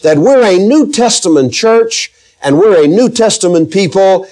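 Male preacher, slightly high voice, emphatic Bible teaching, drawn-out scripture readings. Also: expressive, warm tone. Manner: emphatic, slows to read scripture aloud; asks the congregation questions. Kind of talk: verse-by-verse Bible teaching sermon.

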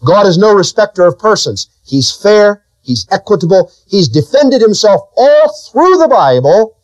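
Delivering a sermon at a normal pace, a male preacher speaks in a sing-song way, jumping up and down in pitch for emphasis and asking his audience questions. There's no room sound on the recording.

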